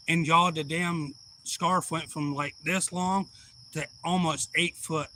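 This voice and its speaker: A man's voice: a little high, fairly even intonation, takes it slowly, pushed and bright, slight background noise, poor audio. A man telling a rambling family story on a livestream, folksy and swearing freely. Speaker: livestream host. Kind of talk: casual storytelling.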